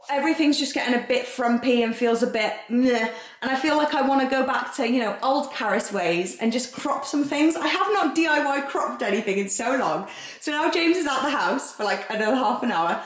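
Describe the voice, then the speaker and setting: Young woman vlogger, bubbly and giggly, brightish voice, echoey home rooms. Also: on the high side. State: pregnant, out of breath at times. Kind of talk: casual vlog chat. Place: home, walking between rooms.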